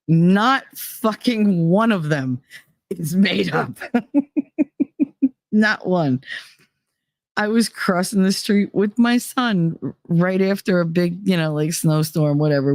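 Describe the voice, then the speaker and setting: Woman podcast host, low voice, dry close sound, swears freely and laughs through her stories. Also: measured pace, darkish tone, dry recording. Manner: candid and profane, laughing between lines. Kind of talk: casual personal storytelling.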